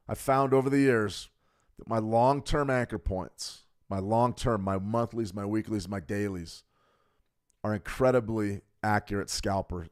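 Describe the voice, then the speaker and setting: Male trading-stream host, lowish voice, throat a little choked, chatty coaching delivery. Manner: conversational, coaching, talks to viewers directly. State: throat a bit choked up from smoke. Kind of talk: live market commentary.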